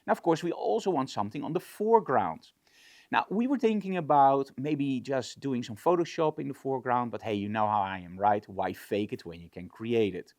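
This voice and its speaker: A man's voice: medium pitch, normal speed, darkish tone, dry recording. A man explaining a studio lighting setup as a photography instructor, in an enthusiastic, conversational way.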